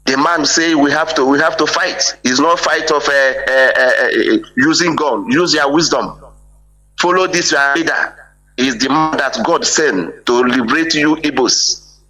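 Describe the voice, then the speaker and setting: Emphatic male caller with a bright voice. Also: a little high, measured pace, rough recording. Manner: emphatic, repeats "eh?" for agreement. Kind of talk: impassioned call-in speech.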